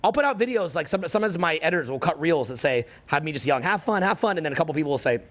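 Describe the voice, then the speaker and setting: A man's voice: a little high, rapid-fire, a bit bright. Fired-up, swearing man in his forties. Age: 40s. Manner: profane, intense and emphatic, hammering points through repetition. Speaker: social skills coach. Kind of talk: motivational talk to an audience.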